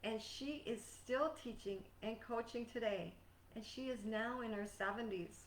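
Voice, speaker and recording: A woman life coach giving a scripted motivational talk in an earnest, measured, emphatic way. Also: a little high, a little hiss or hum. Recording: echoey room, distant mic.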